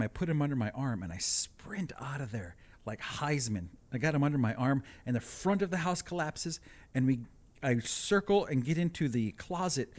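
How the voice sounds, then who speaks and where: A man telling a comic personal story, animated with deadpan asides. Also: a little high.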